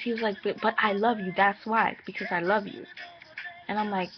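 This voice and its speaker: A young woman telling a story in a casual vlog, chatty and animated, laughing and jumping high when exasperated. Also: brisk. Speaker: vlogger. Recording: muffled with music playing behind.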